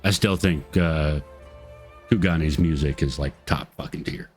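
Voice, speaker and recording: A man's voice: extremely low pitch, unhurried, faint music behind. A middle-aged man streaming a game, chatting casually and crudely, joking and swearing freely. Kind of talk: casual gaming stream chat.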